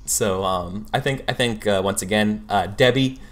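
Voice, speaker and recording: A man narrating as game master in an improvised tabletop role-play, pausing often to search for words. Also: on the low side, fairly bright tone. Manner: halting, searches for words with many fillers.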